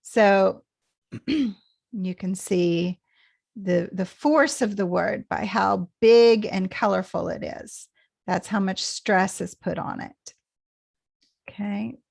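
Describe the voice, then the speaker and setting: A woman teaching pronunciation, speaking very slowly and repeating each phrase with patience. Her voice carries a gravelly fry. The recording is dry and close, with no room sound. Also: mid-range voice, darkish tone, dry recording. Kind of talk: slow explanatory lesson.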